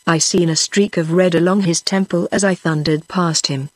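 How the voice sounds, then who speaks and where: Husky British synthetic woman narrator. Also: lowish voice, moderate pace, dry recording. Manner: even, steady machine-read delivery. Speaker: audiobook narrator. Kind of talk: synthetic audiobook reading.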